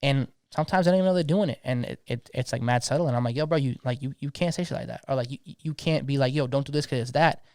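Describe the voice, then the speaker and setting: A man's voice: medium pitch, fast talker, hardly any pauses, darkish tone, no room sound, clean studio sound. A young man, talking passionately in a slangy, casual podcast conversation, often repeating words as he gets going. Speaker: DJ guest.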